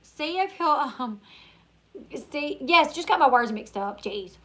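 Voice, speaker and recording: Bright high-voiced Louisiana woman chatting. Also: lively intonation, slow pace. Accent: Northern Louisiana country. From Northern Louisiana. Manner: chatty, reads viewer comments aloud, laughs often. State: tired. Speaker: YouTuber live-stream host. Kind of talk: casual live-stream Q&A chat.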